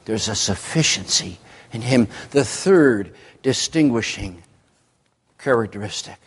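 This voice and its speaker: Male pastor, sermon delivery, unhurried and emphatic, long hall reverb. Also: lively intonation, breathy edge. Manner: slow, emphatic delivery with sweeping pitch. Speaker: preacher. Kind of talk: evening sermon.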